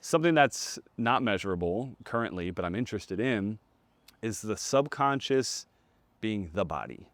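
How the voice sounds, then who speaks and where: A man hosting a podcast, thinking aloud in a reflective, animated way during a casual interview. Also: on the low side, moderate pace, no room sound. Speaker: podcast host.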